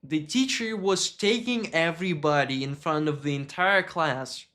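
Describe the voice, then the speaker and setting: A man with a voice that sits a little high tells a story from his own life on a live stream. He speaks openly and with emotion, and swears when the memory upsets him. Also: unhurried, sharp tone. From Russia.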